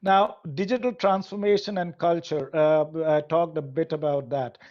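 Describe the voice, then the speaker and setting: Man, presenter, earnest lecturing, slightly high voice, hesitant fillers, muffled lo-fi sound. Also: fairly even intonation, moderate pace, a little mellow. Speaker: head of an AI hub giving a talk. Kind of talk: presentation to an audience.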